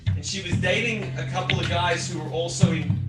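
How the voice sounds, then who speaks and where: A man's voice: sits high, a little fast, over music. A man co-hosting a podcast, telling loose, profane stories in casual chat. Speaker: podcast co-host.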